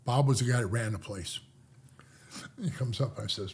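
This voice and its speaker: An older man with a husky, mellow voice tells stories in a casual podcast interview. He talks rough and profane and acts out each person in his tales. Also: mid-range voice, a little fast. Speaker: podcast guest, former motorcycle club president.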